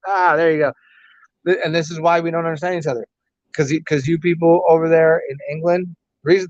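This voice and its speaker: A man's voice: fairly high pitch, no echo. An American man casually chatting on a livestream, profane and joking, rambling with lots of restarts. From United States. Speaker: livestream host reading chat. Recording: dry, dull lo-fi stream audio.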